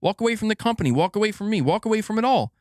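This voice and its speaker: A young man giving a profane, animated gaming news rant, laughing and talking back to his viewers. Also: high voice, rapid-fire, no echo, clean studio sound. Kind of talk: casual ranting commentary.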